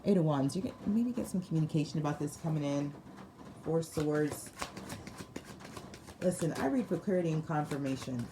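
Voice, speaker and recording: Speaking at a normal speed with lots of pauses, this woman's low, expressive voice carries a casual tarot reading for her viewers. Laughter comes often, as do slang and repeated phrases for emphasis; the recording has noticeable background noise.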